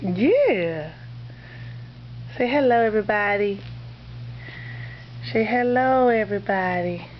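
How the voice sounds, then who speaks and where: A woman's voice: mid-range voice, big pitch swings, slow pace, pauses often, slight background noise. A woman filming a baby at home, cooing at the child in sing-song baby talk, on a dull lo-fi camcorder recording.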